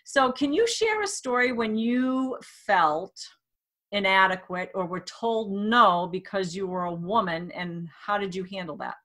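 A woman's voice: mid-range voice, measured pace, bright, forceful tone. A woman hosting a podcast interview, asking long, rambling questions full of "you know" and "um.". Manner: chatty, rambling questions with fillers. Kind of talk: casual interview.

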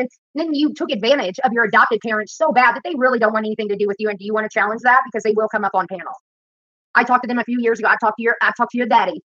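Woman, vlogger, quick, bright, profane rant while cooking, lo-fi, dry room. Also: fairly high pitch, no room sound. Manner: profane, confrontational, rambling. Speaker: YouTuber. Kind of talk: ranting while cooking on a livestream. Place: home kitchen. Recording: dull lo-fi sound, dry.

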